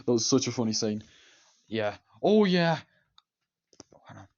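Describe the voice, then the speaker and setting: A man's voice: mid-range voice, very animated, unhurried, a little mellow. A man giving a casual, rambling movie review, enthusiastic and repetitive, with many fillers and restarts. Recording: dull lo-fi recording.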